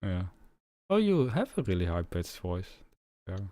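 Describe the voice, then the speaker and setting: Deep-voiced young man, rambling. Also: very animated, a little slow, mellow, slight background noise. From Netherlands, Friesland. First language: Frisian. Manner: rambling, filler-heavy, often laughing. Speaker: podcast host. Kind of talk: casual chat on a livestreamed podcast.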